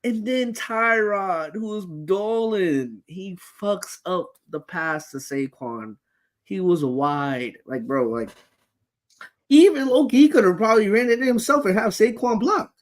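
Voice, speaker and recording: Male co-host, slightly high voice, animated and profane, casual sports talk. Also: measured pace. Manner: animated storytelling, swears, acts out reactions.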